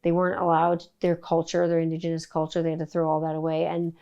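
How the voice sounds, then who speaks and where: A woman's voice: low voice, quick pace, clear, resonant tone, dull audio. Blunt, profane Canadian woman podcaster. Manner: blunt, profane, animated storytelling. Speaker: podcast host. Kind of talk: casual solo podcast rant.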